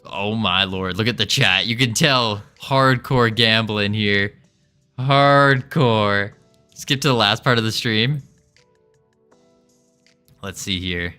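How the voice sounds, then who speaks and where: Bright-voiced, unhurried streamer. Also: male voice, lowish voice, clean tone, soft background music. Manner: rambling, joking with chat, stumbling over restarts. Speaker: streamer and indie game developer. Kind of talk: casual livestream chat.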